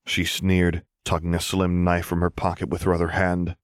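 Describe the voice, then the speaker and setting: Male audiobook narrator, very low voice, steady, dry close recording. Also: brisk, few pauses, no room sound. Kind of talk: scripted fiction narration.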